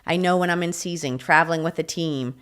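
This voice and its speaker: A woman's voice: low-pitched, fairly quick, smooth. A middle-aged woman, a leadership coach, telling stories in a podcast interview with lots of energy and acted-out quotes. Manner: energetic, animated storyteller who acts out quotes.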